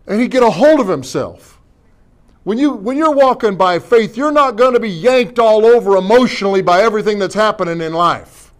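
A man's voice: high voice, brisk. A middle-aged man preaching a sermon as pastor, folksy and jokey, tossing in amens and rhetorical questions.

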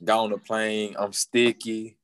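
A man, a football player telling a story in an interview and acting out quotes with big jumps in pitch, laughing often. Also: level tone, a little slow, a bit bright, smooth, no echo.

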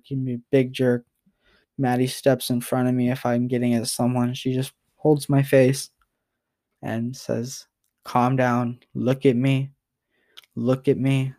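A young man speaking to the camera in a personal vlog. He stays in a flat, level monotone and keeps breaking off to restart his thoughts. He sounds close to tears the whole way through. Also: mid-range voice. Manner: rambling, halting, repeats himself and apologizes. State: emotional, near tears. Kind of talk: emotional personal vlog message.

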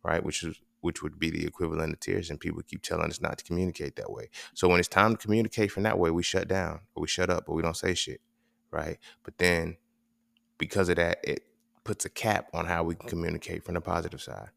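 Low gravelly guy rambling casually, cussing, dry close sound. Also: steady tone, quick pace, fairly bright tone, no room sound. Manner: loose, profane, rambling with restarts and "right?" check-ins. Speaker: podcast host. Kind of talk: casual monologue.

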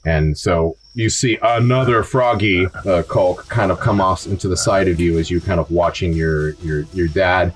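A man's voice: deep voice, normal speed, hardly any pauses, a little hiss or hum. A young adult man narrating as game master, loose and casual with lots of kinda and like.

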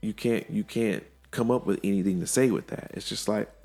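A man's voice: on the low side, fairly quick, creaky, darkish tone, faint music behind. A man hosting a podcast, earnestly retelling conversations with friends in casual chat.

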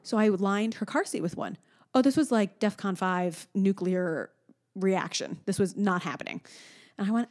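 A woman in her thirties telling a long family story in a casual chat, animated and acting out the people she quotes. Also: moderate pace. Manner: animated storyteller, acts out a toddler's high voice. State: pregnant.

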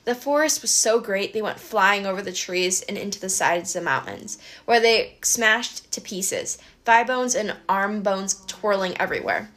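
A woman reading a first-person adventure audiobook with brisk, expressive storytelling. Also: medium pitch. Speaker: audiobook narrator.

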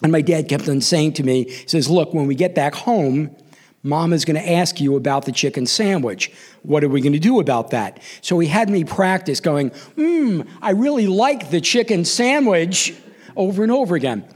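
A man's voice: on the high side, fairly quick. A man in his sixties from New York, hosting a live storytelling show and acting out the voices in his own story. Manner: animated, acts out quoted voices.

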